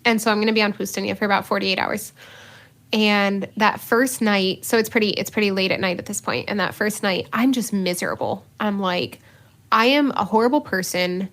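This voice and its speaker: A woman's voice: mid-range voice, fairly even intonation, brisk, gravelly, a bit bright. A woman who is a religious sister, co-hosting a podcast and telling a personal story in casual conversation, earnest and self-mocking, with many fillers.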